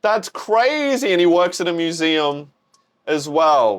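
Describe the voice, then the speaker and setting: A young man with an Australian accent, excitedly reacting to a manga, swearing often and calling things crazy. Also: fairly high pitch, takes it slowly. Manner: excitable, swears, says "bro" a lot. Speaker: manga reaction channel host.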